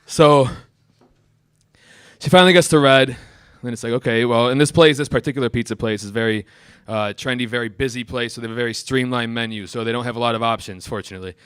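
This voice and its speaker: A man's voice: mid-range voice, fast, a bit bright, clear, resonant tone. A man telling a comic story in a casual way, swearing and acting out other people's lines.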